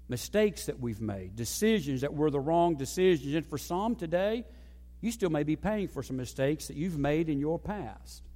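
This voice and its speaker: Man, pastor, sermon, high voice, long hall reverb, emphatic and then hushed delivery. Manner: dynamic preaching, swings between loud emphasis and soft low asides. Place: church sanctuary.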